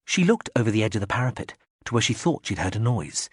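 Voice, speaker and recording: Male audiobook narrator, husky and dry, measured reading with animated pitch. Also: no echo. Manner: measured reading, acts out quoted speech in raised voices. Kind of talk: scripted narration.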